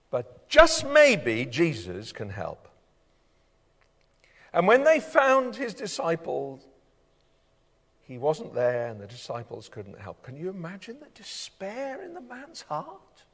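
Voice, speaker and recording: Male preacher, sermon, highly animated delivery, voice ringing in a large hall. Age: adult, father of children. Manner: animated, swings from loud emphasis to quiet intensity, asks rhetorical questions. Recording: reverberant hall.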